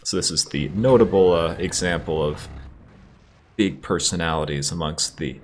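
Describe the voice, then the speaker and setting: A man's voice: deep voice, moderate pace, slight background noise. A man hosting a let's play, reading game text and chatting wryly over gameplay. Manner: relaxed, wry, easygoing. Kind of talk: casual gameplay commentary and story reading.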